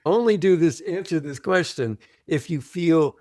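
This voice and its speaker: A man guesting on an interview podcast, explaining things deliberately, repeating his points and often clearing his throat. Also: a little high, animated, darkish tone, no room sound, clean studio sound. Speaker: guest, trauma author. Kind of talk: conversational interview, teaching.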